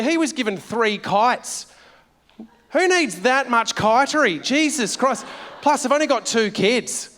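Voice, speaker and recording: A middle-aged man performs stand-up on a big stage, brash and full of swearing as he chats with the crowd. His voice sits fairly high for a man, and the live venue adds a long, ringing reverb behind him. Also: a bit bright. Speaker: stand-up comedian. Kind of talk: stand-up comedy set. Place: large theatre stage.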